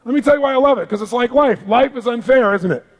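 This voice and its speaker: A middle-aged man giving an animated motivational seminar talk to a live audience in a large hall, calling for responses. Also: extremely high pitch, fast talker, lo-fi sound. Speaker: motivational speaker.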